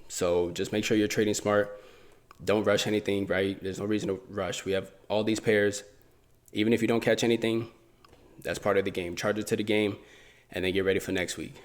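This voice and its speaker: A man with a fairly low voice talks through trading charts in a relaxed, conversational way. He thinks aloud, circles back and repeats phrases as he points things out. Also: normal speed. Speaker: forex trading YouTuber. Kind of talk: casual chart walkthrough.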